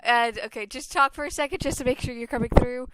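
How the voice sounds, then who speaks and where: A woman's voice: high-pitched, steady tone, fast, noisy background. A woman hosting a game playthrough, chatting casually and giggling often. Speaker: let's play host. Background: game music.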